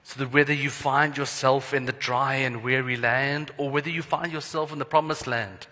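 A man pastor preaching a sermon in an earnest, prayerful way, letting his phrases trail off softly. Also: medium pitch, steady tone, moderate pace. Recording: long hall reverb.

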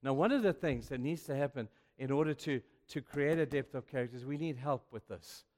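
A male pastor preaching a sermon, telling stories with sudden swings between hushed and loud. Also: mid-range voice, a little fast. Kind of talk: sermon with storytelling. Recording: long reverb of a large hall.

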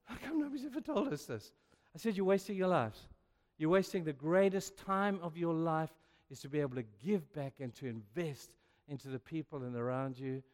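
Speaking at a moderate pace in a fairly high voice, an older man tells stories from the pulpit and grows more energetic as he acts out each exchange. His animated sermon storytelling has a rising quality. The recording carries a long hall reverb.

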